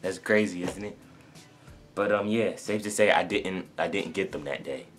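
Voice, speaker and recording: A man's voice: sits low, normal speed, faint music behind. A young man from North Carolina, rambling through a casual story to camera with many fillers and restarts. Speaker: sneaker vlogger.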